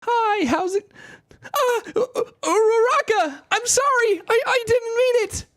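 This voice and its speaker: A man voicing a flustered, shy young male anime hero in a high, strained falsetto, stammering out apologies. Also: expressive, unhurried, a bit bright, heavily acted.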